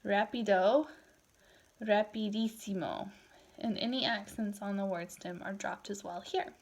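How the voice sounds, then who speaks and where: A tired woman in her thirties teaching a recorded Spanish class, switching between English and Spanish in a relaxed, chatty way. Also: mid-range voice, a little slow. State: tired, yawning. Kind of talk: recorded lecture.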